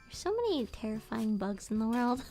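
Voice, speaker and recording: A woman's voice: on the high side, very animated, moderate pace, dark tone. A woman streamer chatting casually while playing a game, laughing often and sometimes dropping into a whisper. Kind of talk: casual gameplay chat. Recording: faint game music behind. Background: faint game music.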